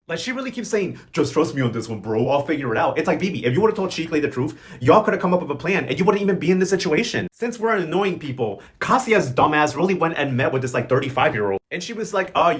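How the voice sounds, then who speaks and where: A man recapping a soap opera in casual, sassy commentary, full of slang and mocking impressions of the characters. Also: on the high side. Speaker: host.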